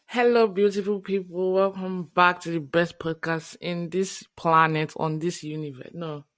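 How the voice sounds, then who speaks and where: A woman's voice: fairly low pitch, flat delivery, a little slow, fairly bright tone. A young adult woman co-hosting a podcast, chatting casually with bubbly asides and laughter. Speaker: podcast co-host. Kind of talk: casual chat.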